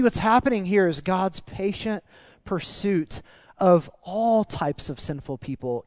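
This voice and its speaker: A male pastor preaches with animated emphasis, often repeating phrases as he builds a point. His voice sits high for a man. The sound is dry and close-miked. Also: no room sound. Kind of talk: sermon.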